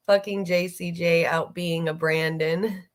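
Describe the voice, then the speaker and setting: Profane, exasperated woman ranting casually. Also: fairly low pitch. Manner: blunt, profane, exasperated, reads chat aloud. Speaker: streamer host. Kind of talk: casual political livestream chat.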